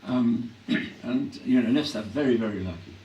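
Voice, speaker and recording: An older English man reflecting on his acting career in a live on-stage interview, clearing his throat often as his voice grows hoarse. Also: medium pitch, moderate pace, highs cut off. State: voice growing hoarse. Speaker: actor being interviewed. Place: hall at a public event. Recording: echoey hall from a distance, faint hum.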